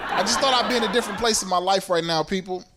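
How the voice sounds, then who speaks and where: A man's voice: high-pitched, very fast, a crowd in the background, background noise. A male stand-up comedian on a club stage, telling a story in an exasperated way. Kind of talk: stand-up routine.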